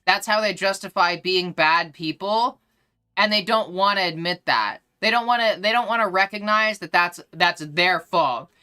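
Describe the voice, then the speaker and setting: A woman's voice: fairly low pitch, moderate pace, sharp tone, clean tone. A woman livestreamer chatting casually with her viewers, blunt and profane, with many fillers, and joking about herself when she tries accents. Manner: self-deprecating when trying accents. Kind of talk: casual live-stream chat.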